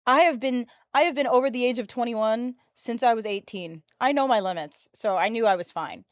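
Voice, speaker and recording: Speaking fairly quickly in a voice on the high side, a livestreamer in her early twenties, 22 and from the US, animatedly spins stories for her stream viewers in chatty slang. The recording is studio quality with no room sound.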